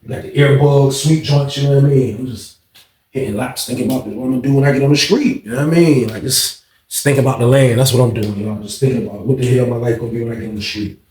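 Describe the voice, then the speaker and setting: A man telling a prison story in a casual, slangy, animated way. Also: mid-range voice, fast, roomy sound, distant mic.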